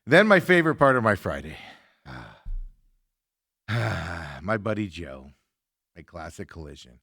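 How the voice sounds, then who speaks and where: A man hosting a chat show, winding through a story with a lively, swooping delivery and acting out each person's lines along the way. His voice sits in a middle register and sounds close and dry, with almost no room sound. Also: sits low, measured pace, creaky, no room sound. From Arizona, US. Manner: animated, acts out other people's lines in quotes. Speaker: host. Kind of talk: casual storytelling rant.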